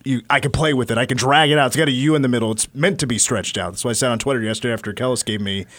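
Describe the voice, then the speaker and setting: A man's voice: mid-range voice, a bit bright, dry recording. Laid-back man on sports radio, dry studio sound. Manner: laid-back, self-deprecating, halting with restarts. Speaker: sports radio co-host and stadium PA announcer. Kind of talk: casual sports talk.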